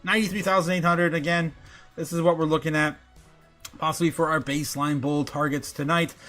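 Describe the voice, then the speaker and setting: A man's voice: fairly high pitch, little pitch movement, brisk, pushed and bright, faint music behind. A man hosting a livestream, laughing often and chatting loosely with many fillers as he reads the chat. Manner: giggly, filler-heavy, reads chat aloud. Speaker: livestream host.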